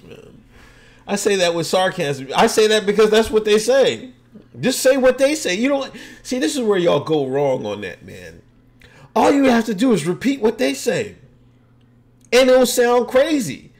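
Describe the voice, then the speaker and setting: Animated joking man hosting a livestream. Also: high-pitched, a little slow. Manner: laughs often, loose and joking, sarcastic asides. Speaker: livestream podcast host. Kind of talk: casual livestream chat, answering viewer comments.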